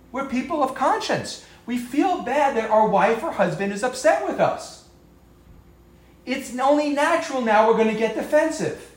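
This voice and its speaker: A man with a slightly raised pitch speaks casually to an audience, acting out short quoted voices and joking at his own expense. His voice carries an echo from the room. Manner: conversational, acts out quoted voices, self-deprecating humor. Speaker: speaker giving a talk on marriage and parenting. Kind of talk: live talk to an audience. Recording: echoey room.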